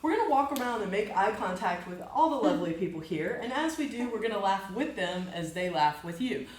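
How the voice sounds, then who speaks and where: A woman's voice: mid-range voice, big pitch swings, brisk. A woman teaching laughter yoga to a group, upbeat and encouraging, often laughing as she explains the exercises. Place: large room with a group. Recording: echoey room with background noise.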